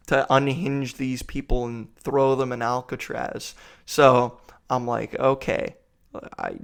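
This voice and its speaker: A man's voice: medium pitch, creaky, fairly bright tone, smooth. A young man telling a rambling, profane story about a store trip, sounding tired and exasperated. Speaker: vlogger. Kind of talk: rambling comic rant.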